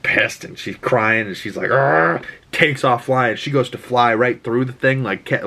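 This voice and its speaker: Excitable rambling man recapping a show. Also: mid-range voice. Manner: excitable, rambling, swears, many fillers. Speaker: pop culture podcast host. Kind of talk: episode reaction and recap.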